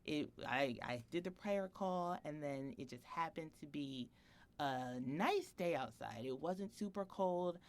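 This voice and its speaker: A woman in her thirties co-hosting a podcast, telling a personal story in a chatty, animated way with frequent laughter. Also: low voice, measured pace. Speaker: podcast co-host. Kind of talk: casual podcast chat.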